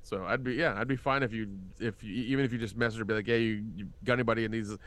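A man's voice: lowish voice, steady tone, rapid-fire, a bit bright. Male podcast co-host; loose, profane, laughing banter full of restarts. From American South. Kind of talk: casual chat.

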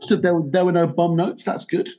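A man's voice: sits high, fairly even intonation, moderate pace, mellow. A man hosting a podcast, chatting casually with a guest and then reading news items in a rambling, friendly way. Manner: chatty, rambling, restarts, laughs often. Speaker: podcast host.

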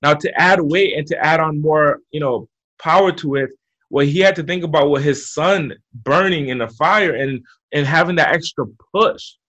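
A man giving motivational advice as a podcast guest, talking in an energetic coaching way with frequent repeats. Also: on the high side, normal speed. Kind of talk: motivational interview talk. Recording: muffled lo-fi audio.

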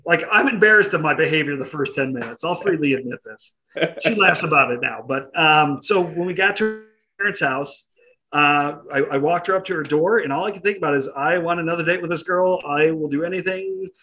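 A man spins a self-deprecating anecdote, acting out the voices of the people in it. His voice is bright and sits a little high. He speaks in a relaxed interview setting. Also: a little fast, low-quality recording. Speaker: interview guest. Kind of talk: casual storytelling.

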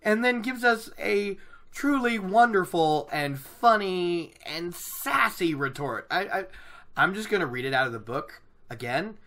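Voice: mid-range voice, lively intonation, unhurried, fairly bright tone. A host casually recapping a fantasy novel chapter, chatty and rambling, with lots of fillers. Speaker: book podcast host.

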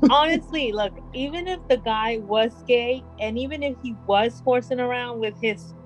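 Woman cohost, bit high voice, blunt fed-up comments, faint music. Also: moderate pace, poor audio. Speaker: podcast co-host. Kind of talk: casual podcast chat.

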